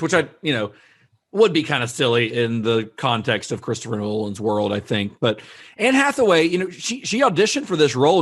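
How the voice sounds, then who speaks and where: A man co-hosting a casual film discussion podcast, chatty, with frequent fillers and restarts. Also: medium pitch. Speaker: podcast co-host.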